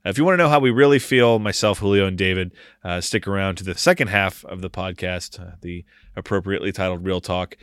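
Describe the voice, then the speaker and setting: A man's voice: sits low, fast, a bit bright, smooth, no echo, studio quality. A man in his thirties hosting a podcast, talking casually in a rambling way with lots of filler. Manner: rambling, filler-heavy delivery. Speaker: podcast host.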